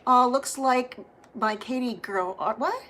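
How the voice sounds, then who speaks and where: A woman's voice: fairly high pitch, a little slow, background noise. A middle-aged woman, chatting casually on a live stream from her phone at home, greeting viewers by name and laughing often. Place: home kitchen.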